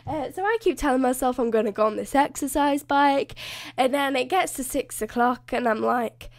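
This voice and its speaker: Chatty young woman, higher voice. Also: animated, moderate pace. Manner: rambling, chatty and self-mocking, with frequent laughs. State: voice slightly hoarse. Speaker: gaming YouTuber. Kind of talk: casual voiceover over a building game.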